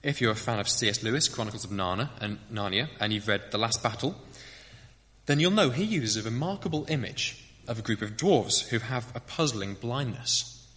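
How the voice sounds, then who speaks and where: A man preaches earnestly, with a lively, rising and falling delivery. His voice is bright and forceful, and it rings with long reverb in an echoey church hall. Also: mid-range voice, moderate pace. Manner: earnest, reflective, rhetorical questions. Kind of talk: sermon.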